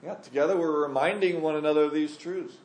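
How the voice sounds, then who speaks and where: A man's voice: a little high, fast talker, a little mellow, echoey room. A man teaching a Bible study to a group, conversational and emphatic, asking the room questions.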